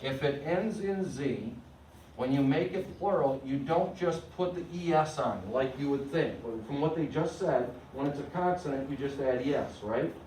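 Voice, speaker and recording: A man's voice: on the high side, normal speed, darkish tone, a little hiss or hum. A man teaching a Spanish class, explaining grammar step by step and often checking that students follow. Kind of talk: classroom lecture. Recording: echoey room, mic at a distance.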